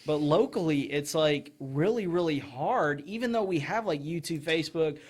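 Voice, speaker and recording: Quick, animated podcast host, slightly high voice. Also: male voice. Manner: quick, animated, mocking voices when quoting people. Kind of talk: casual podcast chat.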